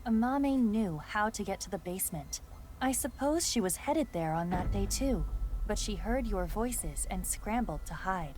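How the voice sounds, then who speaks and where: A calm, analytical female AI, voiced by an actress, laying out facts plainly and evenly. A faint hiss sits behind her. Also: mid-range voice, a little slow, close to an everyday voice. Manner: calm, matter-of-fact. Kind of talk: video game voice acting.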